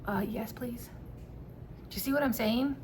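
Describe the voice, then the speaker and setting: A woman telling a personal story to camera in a casual vlog, candid and quick to swear and laugh. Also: fairly high pitch, noisy background. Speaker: vlogger.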